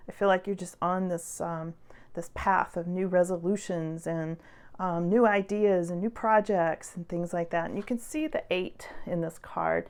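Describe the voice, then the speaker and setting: A woman's voice: fairly low pitch, steady tone, moderate pace, clear, resonant tone. Chatty woman giving a tarot reading. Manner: chatty and encouraging, with many fillers and soft laughs. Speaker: tarot reader. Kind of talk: casual tarot reading to viewers.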